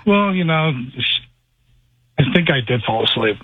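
A man calling in to a radio show, telling a personal story in a halting, rambling way, full of "like" and restarts. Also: fairly high pitch, expressive, no echo. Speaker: caller. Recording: tinny phone line.

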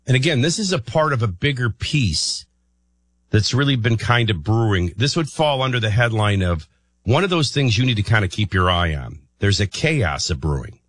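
On a morning talk radio show, the male host's lowish, husky voice has a sing-song quality, swinging widely in pitch at normal speed. His commentary rambles as he thinks out loud and restarts sentences; the studio sound is dry, close, and free of room sound.

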